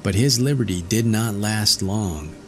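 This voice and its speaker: A man narrating a classic fairy tale in a slow, measured storytelling manner. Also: fairly low pitch, slight background noise. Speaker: audiobook narrator.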